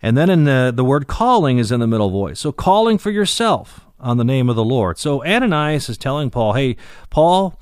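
A man's voice: mid-range voice, sing-song, a little fast, few pauses, clean tone, no echo. Guy doing a verse by verse bible study, chatty and dry sounding, hits key words hard. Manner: conversational, with fillers and restarts, leans into key words. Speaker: Bible teacher.

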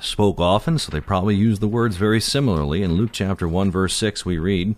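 A man giving an expository Bible teaching in a conversational way, pausing with fillers and leaning on key words. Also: sits low.

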